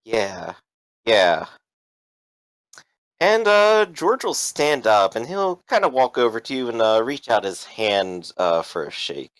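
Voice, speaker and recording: A man runs a tabletop role-playing game, narrating and calling for rolls in a relaxed, joking way. His pitch moves a lot as he talks. The recording is close and dry. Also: takes it slowly, no echo, poor audio. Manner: relaxed, joking, with many fillers. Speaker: game master.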